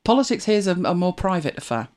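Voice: medium pitch, sing-song, quick pace, darkish tone. A middle-aged speaker with an English accent, chatting casually and reflectively as a host, often laughing and trailing into asides. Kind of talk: casual chat.

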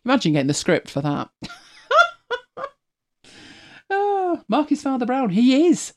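With a high pitch that swoops wildly and a slow pace, a middle-aged Manchester woman hosts a casual chat. She has a mild Manchester accent, reads listener comments, rambles, and laughs often.

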